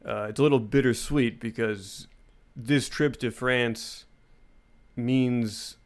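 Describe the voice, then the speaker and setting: A man's voice: medium pitch, fairly even intonation, slow pace. A man co-hosting a podcast in casual chat, chiming in with short, dry, teasing remarks. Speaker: podcast co-host.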